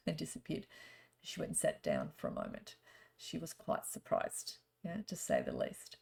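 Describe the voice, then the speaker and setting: A middle-aged woman works as a psychic, chatting through stories and a card reading. She talks in a rambling, gently spiritual way. Her voice sits low and has a gravelly edge. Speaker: psychic reader. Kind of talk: casual storytelling and card reading.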